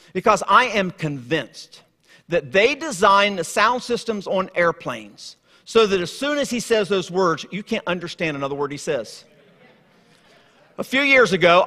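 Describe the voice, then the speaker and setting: A man preaching a sermon in a church, telling stories and moving from hushed tones to lively asides. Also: high-pitched. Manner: storytelling, swings from hushed to lively. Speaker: guest preacher. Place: church sanctuary. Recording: long hall reverb.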